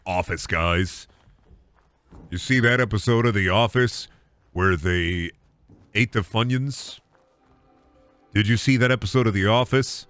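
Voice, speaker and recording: A man streaming a video game and riffing in a mock stand-up style, swinging from muttered asides to shouted rants. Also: on the low side. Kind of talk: comedic gaming stream banter.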